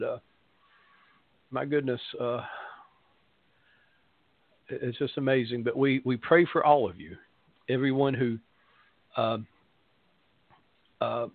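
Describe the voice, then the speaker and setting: A man's voice: mid-range voice, no room sound. A middle-aged man with a Southern American accent, a pastor hosting a spiritual radio show, talking casually and rambling with many fillers and self-deprecating humor. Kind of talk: casual spoken radio monologue. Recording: dry, phone-like narrow sound.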